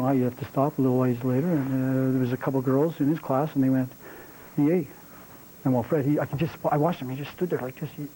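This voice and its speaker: Fast-talking man telling a folksy story. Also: mid-range voice, warm tone, a little hiss or hum, rough recording. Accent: Canadian. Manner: rambling, folksy storytelling with many restarts. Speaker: coach giving a talk. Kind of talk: storytelling speech.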